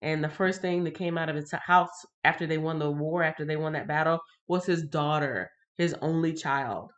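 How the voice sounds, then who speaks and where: A woman reading the Bible on a livestream and chatting with viewers in a casual, animated way. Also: deep voice, moderate pace, lo-fi sound. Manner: chatty, addresses viewers directly; animated, laughs and greets viewers. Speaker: livestream host.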